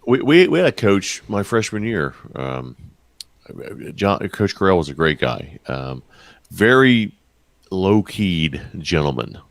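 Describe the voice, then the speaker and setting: A man with a very low voice, answering interview questions in short, direct remarks. The sound is dry and close-miked, with no trace of room echo. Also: big pitch swings, slow pace, vocal fry. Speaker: guest writer. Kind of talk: casual interview chat.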